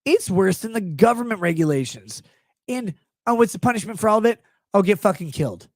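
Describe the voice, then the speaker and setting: A man riffing on a livestream in a crude, joking, sarcastic way. His pitch leaps and dips all over the place as he acts out bits. The sound is close and dry, with no room around it. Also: fairly quick, no echo. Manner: profane, mocking, animated riffing. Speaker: livestream host. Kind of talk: casual irreverent monologue.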